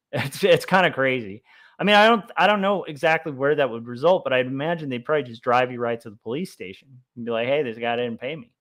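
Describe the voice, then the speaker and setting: A young man chatting casually on a livestream as he draws comics, rambling with lots of fillers and getting excited about history. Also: medium pitch. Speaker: comic artist streaming his drawing. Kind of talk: casual livestream chat while drawing.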